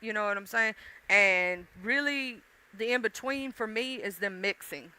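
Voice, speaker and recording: Chatting straight to her viewers, this livestream host speaks with a Southern US accent that blends country and urban. Her medium-pitched voice is bright, smooth and forceful at a measured pace, and her manner is folksy and casually profane.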